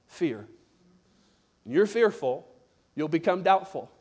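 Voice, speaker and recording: A male pastor delivering a sermon in church, pressing each point through repetition. His voice sits high for a man, and he goads the congregation to respond. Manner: emphatic, repetitive, prodding the congregation. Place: church service.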